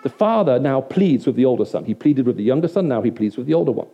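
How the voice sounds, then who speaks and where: A man's voice: mid-range voice, expressive, fast talker, gravelly. A man preaching to a hall audience, talking conversationally and often asking them whether it makes sense. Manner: conversational, keeps checking in with the audience. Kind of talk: sermon to a live audience. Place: hall with an audience of about a hundred. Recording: dull lo-fi recording.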